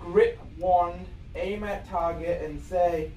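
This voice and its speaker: A gamer commentating on a VR game, excitable and yelling spell words at it. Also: mid-range voice, slow pace, pauses often. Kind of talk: let's play commentary. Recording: echoey room, mic off at a distance, faint noise.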